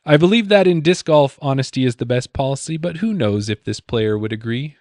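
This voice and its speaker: A man's voice: mid-range voice, expressive, fairly quick, darkish tone, dry recording, studio quality. A man hosting a podcast, reading out pun clues in a teasing, playful way and laughing at his own jokes. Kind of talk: playful podcast quiz banter.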